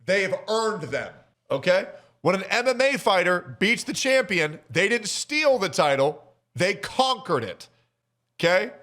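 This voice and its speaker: A man's voice: sits high, very animated, unhurried, pushed and bright. Streamer guy ranting at a video, crude and fed up, voice jumping up and down a lot. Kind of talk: reacting to a video.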